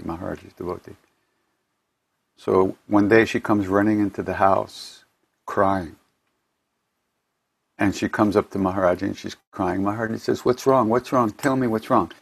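Low gravelly guy rambling through a story at home, repeats himself a lot. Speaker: spiritual teacher hosting an online gathering. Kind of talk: casual storytelling talk. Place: his home. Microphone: home computer mic for an online event.

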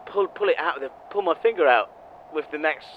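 A man's voice: fairly high pitch, fairly quick, highs cut off, a little hiss or hum. A man co-hosting a comedy podcast, wry and rambling, swearing freely. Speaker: co-host.

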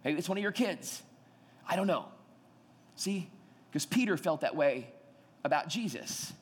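A male pastor delivers a sermon in a high, bright-sounding voice, acting out the people in his story. His words ring with the long reverb of a large hall. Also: measured pace, breathy edge. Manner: animated storytelling, acting out quoted dialogue.

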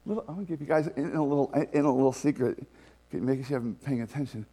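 A man preaching a conversational sermon as pastor, animated and laughing often. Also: mid-range voice, rapid-fire, husky.

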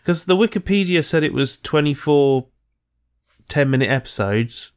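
A man's voice: a little high, animated, normal speed, smooth. A man co-hosting a casual podcast, chipping in with dry, teasing remarks. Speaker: podcast co-host. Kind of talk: casual chat.

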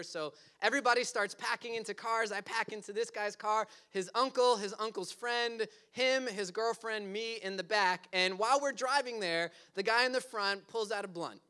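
A man's voice: high-pitched, moderate pace, hardly any pauses, pushed and bright, clean tone. A young man animatedly telling a personal story, with frequent fillers and bursts of laughter.

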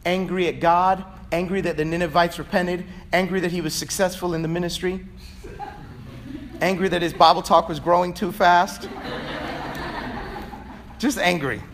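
Guy preaching a sermon, loud then quiet, a little faint hiss behind him. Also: high voice, steady tone, moderate pace, pauses often. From Virginia, USA. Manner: swings between loud shouting and quiet asides. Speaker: pastor.

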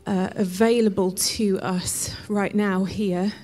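A woman leading worship in a slow, gentle voice that often sinks to a whisper as she prays. She is encouraging and unhurried, and soft music plays faintly behind her. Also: mid-range voice, steady tone. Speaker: worship leader and preacher. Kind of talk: sermon with guided prayer.

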